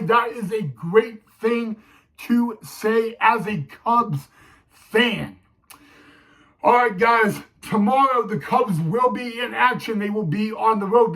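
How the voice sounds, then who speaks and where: A man's voice: very high-pitched, a bit bright, low-quality recording. A man recapping a game for his fan vlog, emotional and teary, repeatedly calling his viewers "guys.". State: teary, choked up. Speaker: sports fan vlogger.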